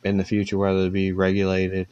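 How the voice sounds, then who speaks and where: A man's voice: low voice, completely flat delivery, fast, darkish tone, clear, resonant tone, dull audio. A man hosting a podcast from home, telling rambling stories in a laid-back way and laughing at them. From Virginia. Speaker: podcast host. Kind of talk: casual storytelling.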